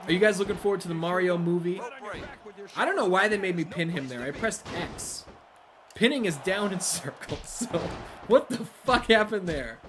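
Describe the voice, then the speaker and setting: A man with a fairly high voice talks over his own wrestling game playthrough. He swears freely and rants between moves, and a roaring game crowd fills the background. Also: normal speed. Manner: profane, ranting, excitable. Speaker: let's play host. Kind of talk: gameplay commentary.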